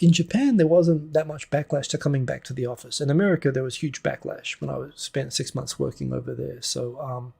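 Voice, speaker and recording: A man with a slightly high, warm voice, touched by vocal fry and a breathy edge, hosts a livestream from home. Into a desk USB microphone, he offers casual, wry commentary on the news, rambling and interrupting himself.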